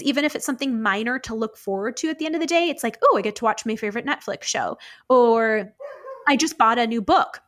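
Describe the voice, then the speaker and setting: A woman's voice: on the high side, fairly bright tone. A woman co-hosting a podcast, talking in a chatty, encouraging way. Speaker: podcast co-host. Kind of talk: casual chat.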